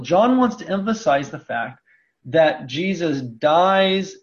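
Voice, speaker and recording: A man teaching a Bible lesson, reading scripture aloud and pausing to stretch key words for emphasis. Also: on the high side, creaky. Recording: dull lo-fi lecture recording.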